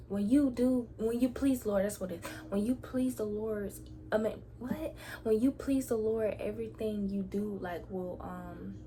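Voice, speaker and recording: A young woman vlogger telling a story about her faith in a casual, chatty way, often dropping into soft whispered asides. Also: mid-range voice, a little hiss or hum.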